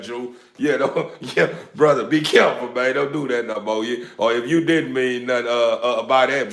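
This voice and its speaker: A man's voice: medium pitch, moderate pace, creaky, few pauses, a bit bright, roomy sound. A man chatting casually on a livestream to his viewers, rambling and repeating himself, laughing often, speaking into a phone. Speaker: dog breeder livestreaming.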